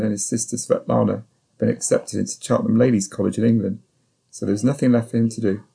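A man narrating a first-person novel as an audiobook, in a measured, sombre storytelling voice. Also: fairly low pitch, vocal fry, mellow, husky.

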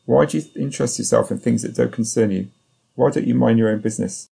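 A secretive, tight-lipped bodyguard keeps his answers short, voiced by a male reader. His tone is dark and gravelly, guarded and curt. It is a storybook reading. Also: mid-range voice, fast talker. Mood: irritated. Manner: terse, curt, flaring into irritation.

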